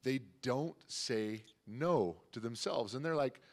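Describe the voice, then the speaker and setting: A man's voice: mid-range voice, slow pace. A man hosting a conversational interview, encouraging and enthusiastic toward his guest. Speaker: interview host.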